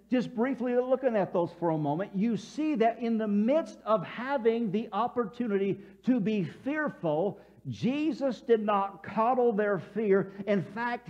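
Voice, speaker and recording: A man's voice: sits high, big pitch swings, unhurried, hardly any pauses, darkish tone. A man preaching a sermon as pastor, telling scenes vividly and acting out voices, leading the congregation to repeat lines back. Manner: leads congregation call-and-response. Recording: dull lo-fi church broadcast audio.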